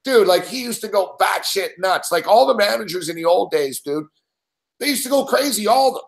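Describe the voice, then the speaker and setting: A man hosting a sports betting show, telling stories in a profane, excitable way and laughing often. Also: high voice, fairly quick, creaky. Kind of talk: casual sports chat.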